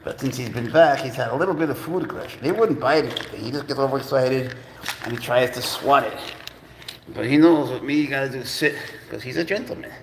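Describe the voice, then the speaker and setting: A man's voice: medium pitch, brisk, background noise. A man hosting a casual live stream, talking playfully and coaxingly to his pet cat and calling it bro. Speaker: pet owner and channel host.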